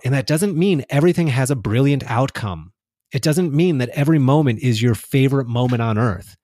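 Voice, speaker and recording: A man's voice: mid-range voice, darkish tone, no room sound, studio quality. A man talking reflectively in a casual spiritual conversation, laughing often and restarting his sentences.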